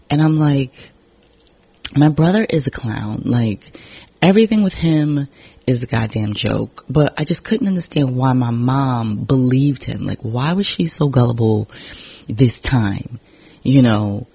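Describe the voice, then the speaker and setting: A man's voice: mid-range voice, lively intonation, measured pace, gravelly, breathy edge, no room sound. A man talking frankly in a casual personal monologue, emotionally exhausted, swearing often and filling his talk with "you know". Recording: dull lo-fi recording.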